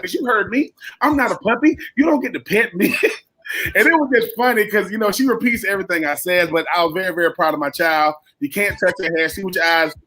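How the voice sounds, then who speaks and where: A man's voice: high-pitched, fairly bright tone. A man co-hosting a sports radio show, animatedly telling stories about his kids in casual chat. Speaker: radio co-host.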